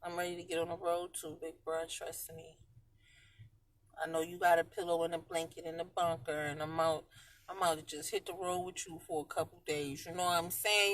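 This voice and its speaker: A woman chatting casually on a live stream from her parked car, slangy and swinging between loud and quiet. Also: lowish voice, fairly even intonation, moderate pace, pauses often, dry recording. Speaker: vlogger talking live to viewers.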